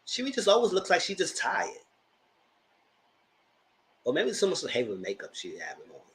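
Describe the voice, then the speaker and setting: Sassy animated man reviewing reality TV. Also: on the high side, normal speed. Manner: animated, sassy, slangy, acts out the cast's lines. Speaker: TV reality show commentator. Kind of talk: live TV review chat.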